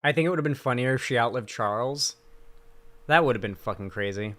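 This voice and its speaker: Young male streamer, mid pitch, profane sarcastic banter, home desk mic. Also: brisk, a bit bright. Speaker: live streamer. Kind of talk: late night stream commentary.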